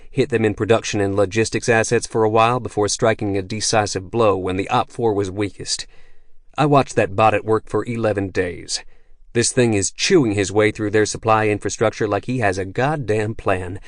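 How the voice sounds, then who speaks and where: A man voicing a crude, boisterous veteran soldier who swears constantly and talks loudly with swagger. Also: fairly low pitch, steady tone, moderate pace, dry recording, studio quality, close to an everyday voice. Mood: brash. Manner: profane, swaggering, loud.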